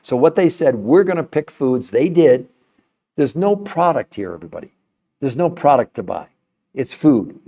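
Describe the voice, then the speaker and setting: An older man hosting a live stream, talking to the chat in an emphatic, salesy way, with his voice jumping high on key points. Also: very animated, moderate pace, warm tone, lo-fi sound.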